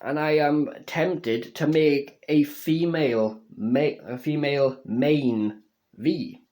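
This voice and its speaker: With a fairly high, slightly mellow voice, a young man gives an earnest, emotional casual review of a video game. He talks slowly and haltingly, constantly swearing and restarting words.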